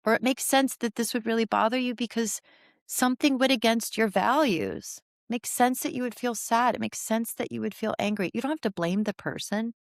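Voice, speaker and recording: A woman in her forties, a therapist talking as a podcast guest, explaining with animated energy and frequent restarts. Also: a little high, normal speed, creaky, no room sound, clean studio sound. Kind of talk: podcast interview conversation.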